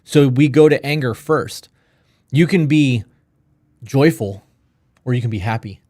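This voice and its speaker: A man's voice: medium pitch, a little slow, mellow, no echo, studio quality. A man co-hosting a live podcast, talking frankly and swearing casually as he reads out viewer questions. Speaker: podcast co-host.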